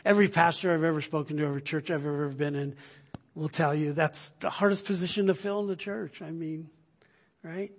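A man with a high, husky voice delivers a sermon. He presses his points with rhetorical questions and moves between loud urging and hushed near-whispers. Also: steady tone, fairly quick. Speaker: pastor.

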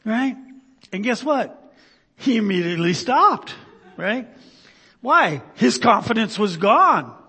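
A man preaching a sermon as pastor, earnestly checking in with "right?" and swinging between loud emphasis and quiet, low-spoken stretches. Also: very animated, slow, pauses often, breathy edge. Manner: frequent "right?" tag questions, earnest. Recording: long reverb of a large hall.

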